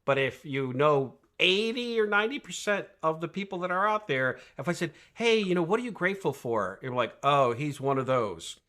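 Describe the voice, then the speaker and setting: A man talking as a guest coach on a podcast, energetic and emphatic, asking rhetorical questions and often tagging "right?" onto his points. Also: sits high, a little fast, hardly any pauses. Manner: rhetorical questions, animated storytelling. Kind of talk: podcast conversation.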